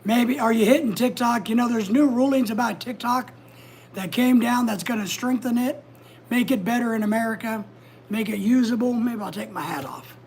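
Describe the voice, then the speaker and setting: A woman's voice: a little high, normal speed, darkish tone, a little hiss or hum. A woman hosting a casual livestream from home, chatting, giving advice and reading out viewer comments. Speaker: livestream host.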